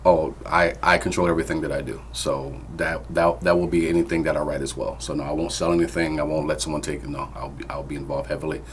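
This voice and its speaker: A man as a screenwriter guest on a podcast, speaking firmly and deliberately with halting restarts. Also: a bass voice, level tone, a little hiss or hum. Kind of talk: podcast conversation.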